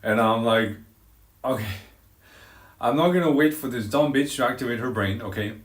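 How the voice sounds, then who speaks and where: A man streaming live, telling a story in a dramatic, animated way with crude language. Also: medium pitch, moderate pace, reverberant. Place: outdoors on a walk.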